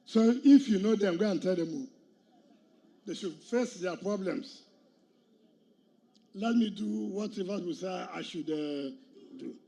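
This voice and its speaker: This is a state governor, a middle-aged man with a Nigerian accent, addressing a crowd outdoors with a combative speech full of rhetorical questions and challenges. His voice sits high and sounds creaky and mellow, and he speaks at a measured pace with long pauses.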